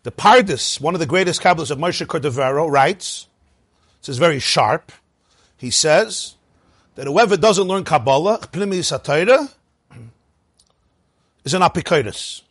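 A man teaching a lively Torah class, asking rhetorical questions and chuckling at his own points. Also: on the high side, normal speed, long pauses, husky, dry recording.

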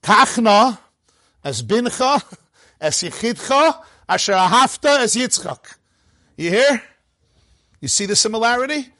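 A man teaching a Torah class as a rabbi, animated and playful, firing off rhetorical questions and jokes. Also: high voice, unhurried, long pauses, no echo.

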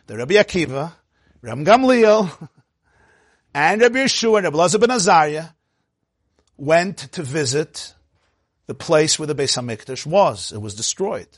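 A man teaching a Torah lecture, telling the story with animated delivery, laughing now and then, and mixing in Hebrew terms. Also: a little high, moderate pace, long pauses, breathy edge, dry recording, clean studio sound. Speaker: rabbi teaching.

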